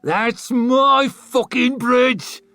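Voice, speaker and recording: A man's voice: very high voice, extremely slow, no echo, soft background music, pitched above the performer's own voice, full character voice. A man voicing a bloodthirsty young male warrior chieftain who snarls and screams for battle. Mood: battle rage. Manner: shouting, snarling.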